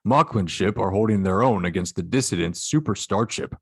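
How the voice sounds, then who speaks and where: A man narrating stage directions for a fan-written sci-fi script in a steady, matter-of-fact way. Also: fairly low pitch, fairly quick, creaky, husky, no echo, studio quality. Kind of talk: reading a fan script aloud.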